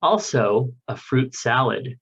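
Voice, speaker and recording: A man's voice: medium pitch, expressive, takes it slowly, a bit bright, husky, lo-fi sound. A man co-hosting a casual podcast, reading listener mail aloud in a loose, joking way with the odd swear. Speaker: podcast co-host.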